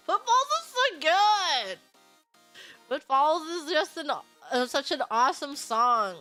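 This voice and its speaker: A young woman streaming, chatting casually in a bubbly, giggly, excitable way. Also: sits high, takes it slowly, soft background music.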